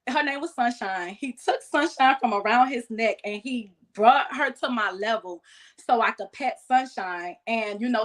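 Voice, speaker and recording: A woman, a podcast guest casually telling animated stories about keeping exotic pets and acting out quoted voices. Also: fairly high pitch. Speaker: guest, exotic pet keeper. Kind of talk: casual storytelling chat.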